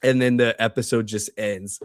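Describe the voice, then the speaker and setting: A man co-hosting a podcast, excitedly recapping a TV show in casual, profane chat. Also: mid-range voice, smooth, dry recording, clean studio sound. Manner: excited, profane, quotes characters in quick asides. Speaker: podcast co-host.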